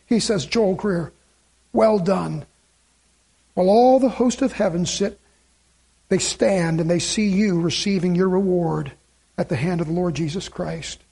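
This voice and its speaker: A man's voice: high voice, measured pace, vocal fry, long pauses, warm tone, slightly rough. A male pastor preaching a sermon and reading scripture aloud, building to emphatic, repeated lines. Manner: preaching with rising emphatic repetition.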